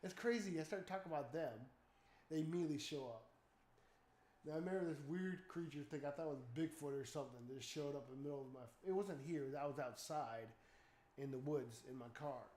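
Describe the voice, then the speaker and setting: A man chatting casually at home as a streamer, telling stories animatedly with loud startled outbursts and swearing. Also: on the high side, quick pace. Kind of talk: casual chat. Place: home room. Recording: echoey room.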